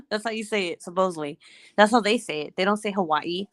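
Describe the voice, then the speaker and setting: A woman's voice: medium pitch, fairly quick, no echo. A woman in her thirties, a mom at home in Hawaii, chatting casually, laughing often and humming little tunes. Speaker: vlogger. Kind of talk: casual chat while working.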